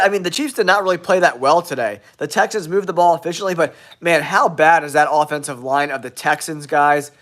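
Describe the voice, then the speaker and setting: A man hosting a football talk show, sounding nasal from a cold, giving blunt, excitable hot takes to his viewers. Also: a little high. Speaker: sports show host.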